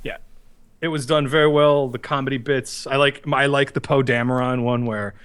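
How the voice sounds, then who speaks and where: A man co-hosting a podcast in casual chat, animated and profane, who acts out movie lines with sudden loud yelps. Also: medium pitch, normal speed, clean tone. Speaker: podcast co-host.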